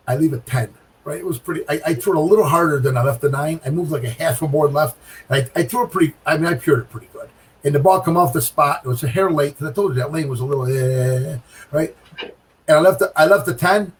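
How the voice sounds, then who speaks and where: Middle-aged man, lively storyteller, fairly high voice, faint background hiss; casual talk-show anecdote. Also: far from the mic, poor audio. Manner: animated storyteller with sound effects and repeated phrases. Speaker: guest pro bowler.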